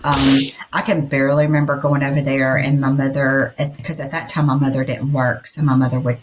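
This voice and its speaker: Podcast co-host, woman, middle-aged; low register, loose chatty storytelling delivery. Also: level tone, brisk, slight background noise. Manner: rambling, storytelling with many fillers. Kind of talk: casual chat.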